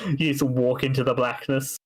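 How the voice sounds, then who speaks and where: A man's voice: medium pitch, flat delivery, moderate pace, rough recording. Laughing man running a tabletop game. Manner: laughs often while narrating. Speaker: game master.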